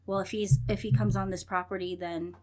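A woman's voice: mid-range voice, fairly quick. A woman in her thirties telling her own story in an interview, acting out what people said, laughing often and swearing. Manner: animated, acts out dialogue, laughs often, swears. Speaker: interview guest.

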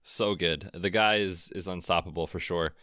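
A man co-hosting a podcast, chatting casually about football with a relaxed, chatty manner. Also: low voice, moderate pace, no room sound, studio quality. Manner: relaxed, chatty, frequent fillers. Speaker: podcast co-host. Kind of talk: casual sports chat.

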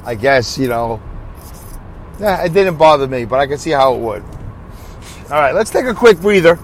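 Man, solo podcast host, fairly high voice, rambling, thinks out loud, faint background noise. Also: very animated, moderate pace, low-quality recording. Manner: rambling, thinks aloud, answers his own questions; leads listeners through a breathing break. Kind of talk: casual solo podcast talk.

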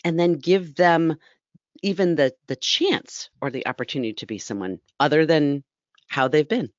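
A woman's voice: sits low, moderate pace, no echo, lo-fi sound. A woman on a radio talk panel speaking in an earnest, reflective way. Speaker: panel guest.

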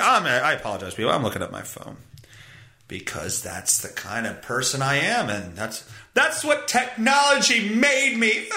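A man's voice: medium pitch, pushed and bright. A man hosting his own podcast, rambling through a sarcastic, profane comedic monologue. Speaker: podcast host. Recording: roomy echo.

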